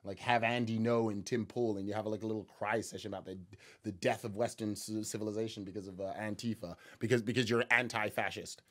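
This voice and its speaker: A man's voice: fairly low pitch, steady tone, quick pace, fairly bright tone. A man giving casual reaction commentary on a news clip, sarcastic and mocking, rambling with many restarts and repeated words.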